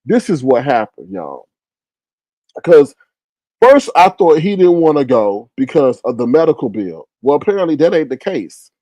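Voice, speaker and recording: A middle-aged man commentating on a livestream, telling a story with expressive, acted-out quotes. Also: on the high side, moderate pace, no room sound, poor audio.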